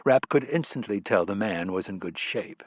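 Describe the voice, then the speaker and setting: Reading scripted narration, a male audiobook voice stays low, measured, and expressive, easing off the pace for important details. It's close-miked and dry, with no echo.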